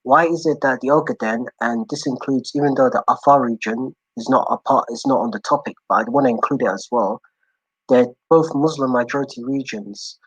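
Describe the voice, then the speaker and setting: A man's voice: medium pitch, fairly quick, slightly rough, dry recording, rough recording. A man joining a casual stream as a guest, speaking earnestly and switching between English and Somali. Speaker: guest caller. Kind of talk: casual online stream chat.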